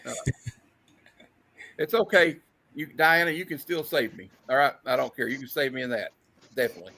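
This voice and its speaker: A man hosting a casual streamed show, reading old comic panels aloud with quick put-on voices and frequent laughter. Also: mid-range voice, bright, forceful tone. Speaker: host. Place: streamed show, live online.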